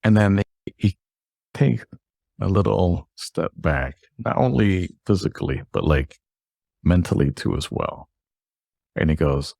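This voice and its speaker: Deep gravelly man telling a story. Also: animated, a little slow, long pauses, a little mellow, no room sound, clean studio sound. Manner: rambling, with frequent restarts. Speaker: podcast host. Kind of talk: personal storytelling monologue.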